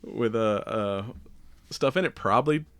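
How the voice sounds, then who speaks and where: A man's voice: on the low side, unhurried, no echo. A man co-hosting a podcast, recapping a show in a rambling, laid-back way with frequent laughs. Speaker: podcast co-host. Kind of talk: casual chat.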